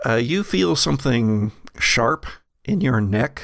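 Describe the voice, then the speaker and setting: A man narrating a tabletop horror game as game master, with a gravelly, creaky voice. He talks slowly, pausing and searching for words. The sound is dry and close. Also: medium pitch, animated, a bit bright, dry recording. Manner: slow, hesitant, descriptive.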